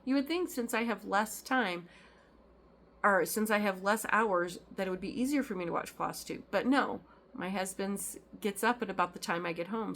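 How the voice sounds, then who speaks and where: A woman's voice: medium pitch, fairly bright tone, a little hiss or hum. A woman chatting casually as a cross-stitch vlogger, rambling with lots of ums and restarts. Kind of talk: casual chat.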